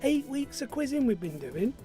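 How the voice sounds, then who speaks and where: A man runs a live-streamed pub quiz. He talks in a light, high voice. He chats and jokes with his viewers and reads out their messages as they come in. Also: very animated, moderate pace, warm tone, soft background music. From Burnley, Lancashire, England. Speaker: quiz host.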